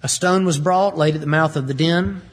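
A man's voice: on the high side, normal speed. A man preaching a sermon, emphatic and repetitive as he explains scripture plainly.

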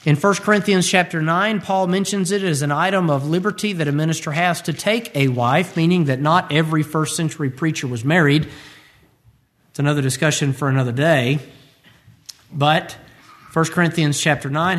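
A man's voice: fairly high pitch, normal speed, a bit bright. A tired male preacher giving a sermon, who acts out the scripture quotes he tells.

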